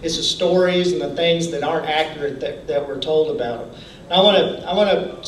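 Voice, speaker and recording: A man giving a folksy motivational speech at a campaign training event. He often restarts his sentences and clears his throat. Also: a little high, brisk, slight background noise. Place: event hall. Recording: echoey hall from far off.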